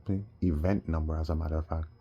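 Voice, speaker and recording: A man telling a rambling personal story, animated and sometimes heated. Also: very deep voice, fast, highs cut off, slight background noise. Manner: animated, rising to heated outbursts.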